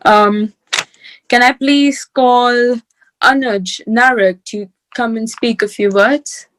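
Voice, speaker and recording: A woman's voice: on the high side, clear, resonant tone, rough recording. A woman politely hosting an online meeting and calling on speakers. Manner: polite, quick. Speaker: event host. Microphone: video call.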